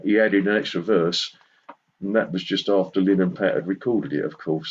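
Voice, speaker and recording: A man at a folk song circle telling a rambling, self-deprecating story before singing a slow lullaby. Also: deep voice. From southern England. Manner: rambling, self-deprecating anecdotes with soft chuckles. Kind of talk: chatty song introduction then sung lullaby. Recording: slightly dull lo-fi recording.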